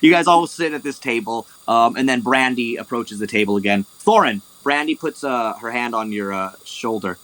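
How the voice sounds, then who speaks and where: A man's voice: medium pitch, lively intonation, normal speed, few pauses, fairly bright tone, rough recording. A man narrating as game master, rambling, with lots of "like" and "um". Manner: rambling, heavy on "like" and "um". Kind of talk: narrating a tabletop game over a voice call.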